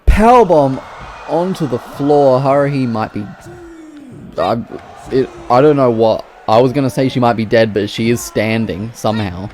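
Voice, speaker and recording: A man giving play-by-play commentary on wrestling matches, excitable and breaking into loud exclamations. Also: fairly low pitch, normal speed, a little hiss or hum.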